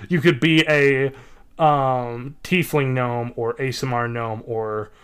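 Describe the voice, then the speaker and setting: A man's voice: medium pitch, fairly even intonation, fairly bright tone, smooth. Giggly man reading aloud. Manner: reads haltingly, stumbles and giggles mid-sentence. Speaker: podcast co-host. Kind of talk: casual comedy chat, reading excerpts aloud.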